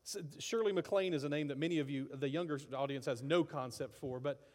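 A man preaching a sermon in an animated way, acting out quoted voices as he goes. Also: a little high, brisk, big-room sound. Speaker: pastor.

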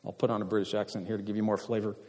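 A man's voice: on the low side, flat delivery, warm tone. Man lecturing in an echoing hall. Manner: asks the audience questions, halting with fillers and restarts. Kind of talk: classroom lecture.

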